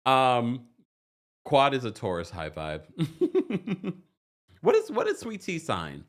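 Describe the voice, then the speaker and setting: A man hosting a reality TV recap livestream, chatting casually, reading viewer comments and laughing often. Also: slow. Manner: animated, laughs often, jumps into high squeals. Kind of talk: casual livestream chat reading super chats.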